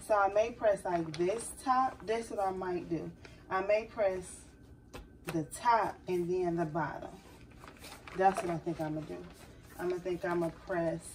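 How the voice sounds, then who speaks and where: A woman's voice: lowish voice, steady tone, a little slow. A woman talking viewers through a craft project in casual vlog chat, nervous and chatty, calling them y'all. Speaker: crafting vlogger. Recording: slightly distant mic with faint noise.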